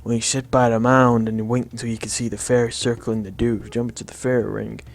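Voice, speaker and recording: A boozy barroom storyteller with a thick, lilting Irish brogue that drawls out slowly and rises in pitch on his blarney, as a man puts him on. He sounds like a video game tavern regular, as plain and middle-pitched as any fellow at the bar. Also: flat delivery, gravelly, close to an everyday voice. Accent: put-on Irish. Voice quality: lilting, slow, theatrical brogue. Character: boozy male Irish barfly spinning tall tales.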